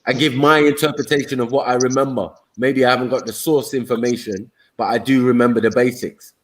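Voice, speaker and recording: A man's voice: mid-range voice, steady tone, a little fast, low-quality recording. A man hosting a casual live-stream discussion, laid-back and repeatedly checking that listeners follow. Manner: laid-back, asks "do you get it?". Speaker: stream host. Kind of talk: casual group chat.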